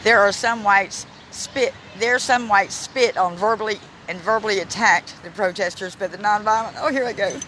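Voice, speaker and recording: Male vlogger, high-pitched, emotional and halting, reading plaques aloud outdoors on a phone walking tour. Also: fairly even intonation, sharp tone, a little hiss or hum, low-quality recording. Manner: halting reader, stumbles and restarts; emotional, close to tears. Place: outdoors in a city park.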